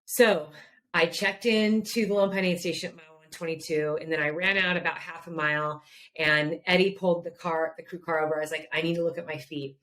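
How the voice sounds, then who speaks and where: A woman's voice: low voice, fairly quick. A middle-aged woman hosting a podcast, telling a story in a casual, emphatic way and laughing now and then. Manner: animated, emphatic, laughs while recounting. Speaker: podcast host.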